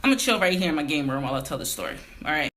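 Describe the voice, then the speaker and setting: A woman's voice: deep voice, very fast, noisy background. A young adult woman telling a story in a casual vlog at home, ranting emphatically with lots of swearing. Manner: animated, profane, emphatic ranting. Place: home game room.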